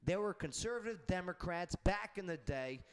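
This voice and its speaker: A man's voice: sits high, expressive, moderate pace. A man hosting a political panel discussion, talking emphatically and repeating his points. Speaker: talk show host.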